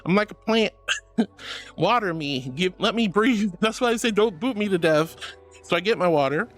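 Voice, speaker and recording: A woman's voice: mid-range voice, animated, moderate pace, soft background music. A woman streaming live, chatting playfully and theatrically with her chat and reading their messages aloud.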